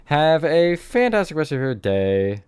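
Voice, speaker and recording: A man's voice: fairly high pitch, very animated, unhurried, darkish tone, clean tone. A young man narrating a casual building tutorial, rambling and hedging, often correcting himself. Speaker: Minecraft tutorial host.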